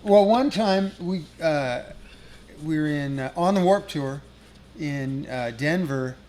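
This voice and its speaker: A man's voice: a little high, slow, a little mellow, a little hiss or hum. Rambling, profane middle-aged man. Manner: rambling, profane, laughs at his own story. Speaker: guest musician. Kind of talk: casual storytelling.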